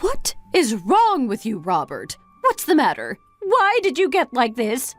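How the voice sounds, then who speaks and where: A woman's voice: high voice, wildly swooping pitch, unhurried, faint music behind, heavily acted. A woman voicing an exasperated middle-aged mother who scolds her grown son with one reproachful question after another, read as a texting-story voice-over.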